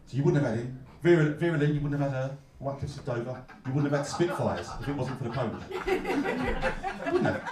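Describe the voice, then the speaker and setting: A man from London with a Cockney accent, performing a stand-up comedy set with a deadpan, mock-glum delivery and punchlines he pushes up loud. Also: medium pitch, quick pace, far from the mic, crowd noise. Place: comedy club stage. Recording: echoey club, heard from afar. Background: audience laughter.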